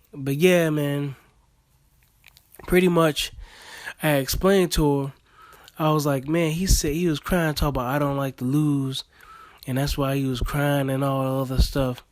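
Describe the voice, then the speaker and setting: Rambling man with a bright voice. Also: a little high, dry recording. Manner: loose, rambling, with laughs and many fillers. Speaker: vlogger. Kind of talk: casual commentary.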